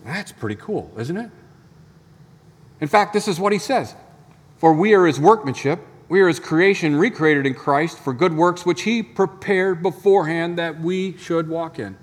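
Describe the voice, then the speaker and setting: A man's voice: fairly high pitch, normal speed, long reverb tail. A man preaching a sermon as pastor, in a conversational storytelling manner full of rhetorical questions. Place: church sanctuary.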